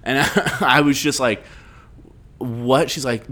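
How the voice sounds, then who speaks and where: A man telling a story in casual chat, animated and rambling, swearing freely. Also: medium pitch, slow.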